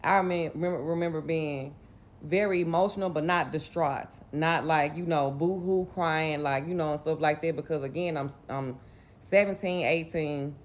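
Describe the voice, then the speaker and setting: A woman's voice: low-pitched, steady tone, normal speed. A Southern US woman from Mississippi in her late twenties, telling a personal story in a candid, rambling way. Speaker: vlogger.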